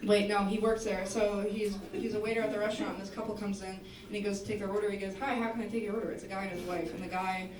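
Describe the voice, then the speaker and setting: A woman's voice: mid-range voice, level tone, quick pace, hardly any pauses, crowd noise. A woman musician chatting casually between songs at a live show, rambling, swearing and correcting herself as she goes. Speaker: musician performing a live set. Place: small live music venue. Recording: echoey room, far from the mic, music.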